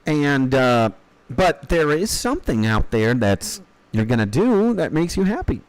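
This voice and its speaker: A man's voice: mid-range voice, big pitch swings, unhurried, no echo. Rambling, foul-mouthed man in his thirties. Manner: rambling, profane, mock-philosophical. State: hungry after an early start. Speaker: streamer. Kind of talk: casual chat while gaming.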